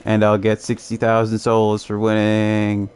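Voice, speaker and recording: A young man from Canada talks through his game stream in a relaxed, meandering way. His voice sits a little low, and he takes his time, drawing out his words. He often restarts his sentences and chuckles between them. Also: unhurried, clean tone. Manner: laid-back, rambling with restarts, chuckles often. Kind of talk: casual gaming commentary.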